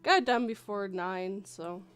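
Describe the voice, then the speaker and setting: A woman's voice: mid-range voice, unhurried, smooth, soft background music. A woman hosting a casual chat stream, self-mocking and laughing often. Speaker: stream host.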